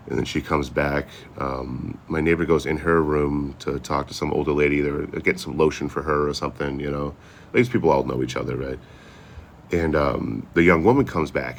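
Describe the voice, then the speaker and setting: Man, very deep voice, gravelly, fast talker, casual rambling storyteller, swears a lot. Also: fairly bright tone, slight background noise. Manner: loose, profane, rambling with many "you know"s. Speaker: traveling social media creator.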